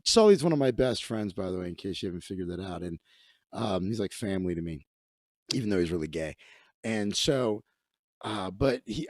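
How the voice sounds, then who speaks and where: A man hosting a comedy livestream riffs crudely and profanely, restarting often, with faint music playing behind him. His lowish voice is a little mellow, recorded in clean studio sound with no echo.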